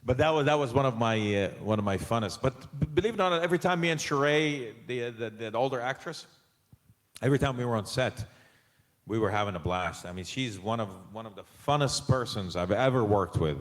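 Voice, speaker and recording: A man's voice: medium pitch, fairly quick. Guy actor on a con panel, loose chatty answers, lots of restarts, big hall echo. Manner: animated, laughing, trailing restarts. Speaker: actor guest on a convention panel. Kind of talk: casual panel Q&A. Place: large convention hall.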